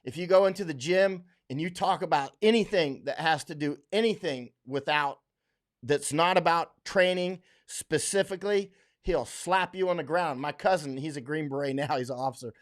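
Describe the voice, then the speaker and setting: Slightly high-pitched and speaking at normal speed, a middle-aged man from Florida runs a casual livestream. He reads out viewer comments in a rambling, blunt, emphatic way, restarting often, using many fillers, and laughing a lot.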